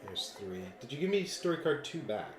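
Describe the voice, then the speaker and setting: Relaxed joking man at a game table. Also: medium pitch, a little fast, background noise. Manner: relaxed, joking, quietly thinking aloud. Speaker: board game channel host. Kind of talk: casual board game playthrough chat. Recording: echoey room.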